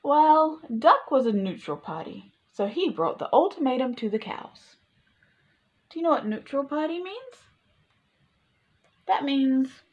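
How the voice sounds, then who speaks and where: A woman reading a picture book aloud to children, pausing to ask the listener questions. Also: a little high, highs cut off. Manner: slow, animated, asks the listener questions. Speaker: storytime reader.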